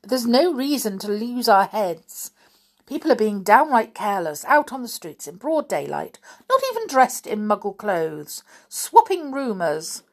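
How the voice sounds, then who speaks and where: A woman voicing a severe older witch professor who speaks sharply and impatiently, raising her voice higher and louder than her narration. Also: expressive, slow pace, heavily acted. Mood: irritable.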